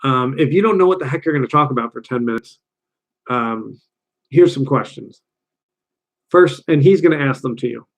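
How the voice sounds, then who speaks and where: A man giving a casual, energetic coaching talk straight to camera, often acting out quick quoted voices. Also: mid-range voice, dull audio. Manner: energetic, conversational, acts out little quoted voices. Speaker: dating coach.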